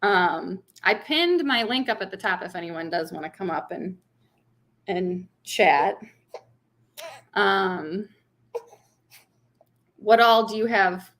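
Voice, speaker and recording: A woman's voice: medium pitch, animated, slow pace, long pauses, a bit bright. A young woman casually chatting on a livestream, laughing often and answering viewers' comments. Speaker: vlogger hosting a livestream.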